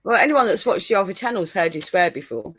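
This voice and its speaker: A woman's voice: mid-range voice, expressive, fast, a bit bright, slightly rough. A woman co-hosting a livestream, teasing her partner, laughing often and greeting the chat by name. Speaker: co-host.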